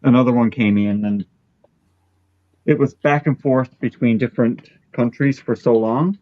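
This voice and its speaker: A man's voice: mid-range voice, moderate pace, dry recording. A man from Newfoundland with a Newfoundland accent, chatting casually and joking on a livestream. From Newfoundland, Canada. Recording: dull lo-fi audio.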